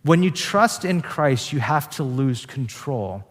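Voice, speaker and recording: Male pastor, mid-pitched, casual sermon delivery, long hall reverb. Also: expressive, takes it slowly. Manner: casual, conversational preaching with frequent "like" fillers.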